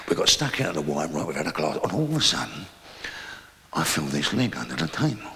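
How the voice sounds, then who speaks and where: A man with a London accent doing a live stand-up routine, telling crude stories in a brash way and shouting his punchlines. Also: rumbling low, sing-song, a little fast, long reverb tail. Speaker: stand-up comedian. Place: live comedy venue.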